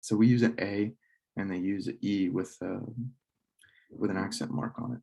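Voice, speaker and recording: A man with a deep, mellow voice teaches a casual slideshow lesson. He talks in a relaxed, halting way and stops to correct himself now and then. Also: vocal fry. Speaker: French club teacher.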